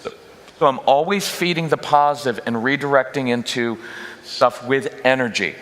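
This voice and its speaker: A man with a bright, forceful voice addresses a live church audience in a parenting workshop. He talks energetically, cracks jokes and slips into quoted voices of parents and children. His voice rings out with the long reverb of a big church hall. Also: medium pitch, moderate pace. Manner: energetic, jokey, acts out quoted parents and kids. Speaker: guest parenting speaker. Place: church auditorium.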